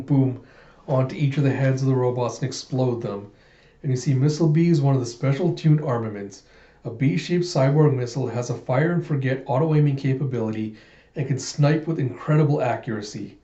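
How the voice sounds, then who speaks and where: A man's voice: medium pitch, mellow. A man casually recapping a comic story with enthusiastic, rambling narration, in a roomy, dull-sounding recording. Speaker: comic readthrough host.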